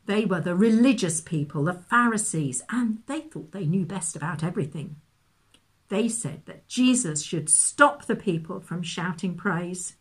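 A woman gently reading a children's Bible story aloud, with expressive storytelling. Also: lowish voice, measured pace, husky.

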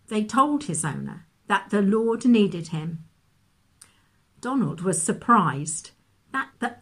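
A woman gently reading a children's Bible story aloud, with expressive storytelling. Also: medium pitch, breathy edge.

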